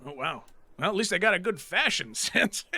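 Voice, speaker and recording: A man's voice: high-pitched, animated, normal speed, pushed and bright, heavily acted. A man voicing a boisterous tusked male brawler who swears, teases and laughs a lot. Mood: teasing.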